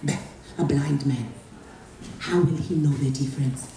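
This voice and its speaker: A proud, greedy village hunter with a blunt, scornful way of talking, as a woman storyteller puts him on. The voice is mellow and sounds far away, in a very echoey hall. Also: a bass voice, unhurried, voice pushed down.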